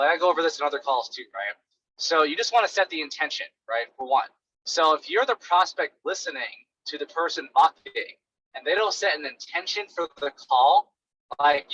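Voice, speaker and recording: Young male sales coach, high voice, bright and forceful, casual and blunt. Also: dull audio, a little hiss or hum. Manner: animated, blunt, many fillers like "right" and "like".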